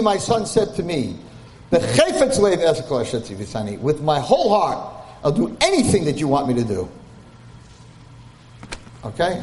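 A man's voice: mid-range voice, mellow. A man giving a Torah class, telling a story and translating Hebrew text line by line. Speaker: Torah lecturer.

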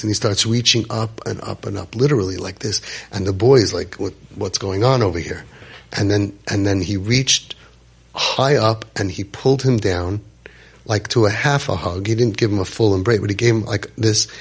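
A man, telling a personal story with animated repetition and Yiddish words. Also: fairly low pitch, husky. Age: 50s. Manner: animated, repeats phrases for emphasis, sprinkles Yiddish words.

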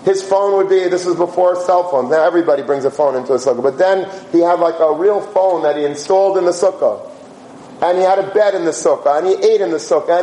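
Guy teaching a yeshiva crowd, sermon storytelling, lots of rhetorical questions, echoey room. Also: high voice. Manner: animated, rhetorical questions, Yiddish and Hebrew terms. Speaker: yeshiva teacher giving a talk. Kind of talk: sermon-style storytelling talk. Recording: roomy echo, faint background hum.

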